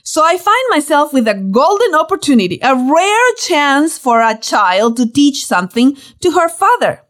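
Woman, story narration, high voice, very animated, playful emphasis. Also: normal speed. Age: young adult. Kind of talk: reading a personal story aloud.

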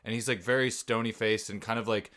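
A man co-hosting a podcast, talking in a halting, tentative way with many restarts. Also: fairly low pitch, steady tone, pushed and bright. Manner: hesitant, lots of fillers and restarts. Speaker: podcast co-host. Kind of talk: casual chat.

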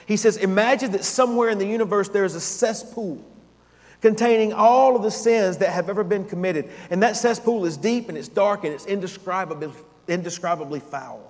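A man with a fairly high voice preaches from the pulpit, his delivery swelling to emphatic peaks before sinking to a hushed, almost whispered hold. His words ring out with a long reverb through a church hall. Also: a little fast. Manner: dramatic preaching, swelling loud then dropping to near-whisper. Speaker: pastor. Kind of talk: sermon.

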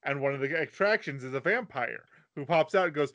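A man's voice: fairly high pitch, animated, a little fast, fairly bright tone, dull audio. A man co-hosting a casual anime podcast, adding short replies and then explaining plot points. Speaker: podcast co-host. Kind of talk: casual chat about anime.

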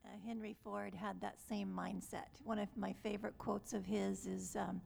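A woman in a class audience, slowly reading a quote aloud. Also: medium pitch, little pitch movement, vocal fry, a little mellow, slightly rough. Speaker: audience member.

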